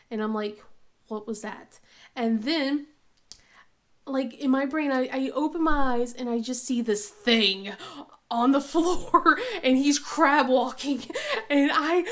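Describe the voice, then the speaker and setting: A woman in her thirties tells a story from home in a loose, chatty way. She laughs often and fills her talk with likes and ums. Her voice sits a little high. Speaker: crafting vlogger, mother. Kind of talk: casual storytelling chat.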